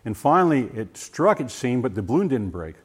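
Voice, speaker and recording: An older man giving a personal testimony, animated and full of restarts, acting out voices as he tells the story. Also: medium pitch, fairly quick, husky. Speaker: former science teacher giving a testimony. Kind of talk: personal testimony talk to a group.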